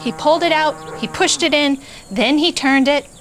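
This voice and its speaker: A woman hosting a children's story show, reading a picture book aloud in an animated, playful way. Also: high-pitched, normal speed, slight background noise.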